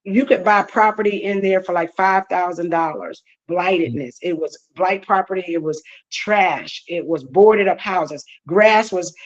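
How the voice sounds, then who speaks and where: A woman running for Congress, answering interview questions earnestly and haltingly, with many fillers. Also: on the low side, lo-fi sound. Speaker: political candidate guest.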